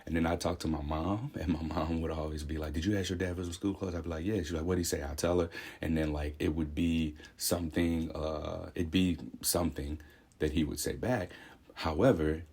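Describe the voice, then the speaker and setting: A man's voice: rumbling low, flat delivery, moderate pace, a little mellow, slightly rough. A young man speaking a candid, reflective personal monologue in a conversational way, thinking aloud. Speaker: vlogger.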